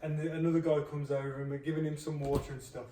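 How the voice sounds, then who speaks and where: Guest storyteller, man, lively and slightly high, echoey and off-mic. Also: fast. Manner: animated storyteller. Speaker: friend of the host. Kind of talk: casual chat. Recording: echoey room, distant mic, faint noise.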